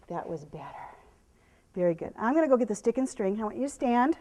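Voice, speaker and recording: A woman horse trainer giving a live demonstration, explaining to viewers and softly praising the horse, sometimes dropping to a hush. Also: on the high side, quick pace, highs cut off. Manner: drops to a hushed whisper when calming the horse.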